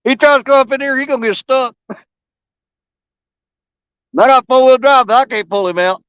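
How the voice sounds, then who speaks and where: A man with a drawl talks to his viewers in a high, excitable voice, folksy and full of enthusiasm. He sits outdoors by a river, and his voice is picked up close and dry. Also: moderate pace, clear, resonant tone, no room sound, poor audio. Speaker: fishing live streamer. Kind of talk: casual chat to viewers on a live stream.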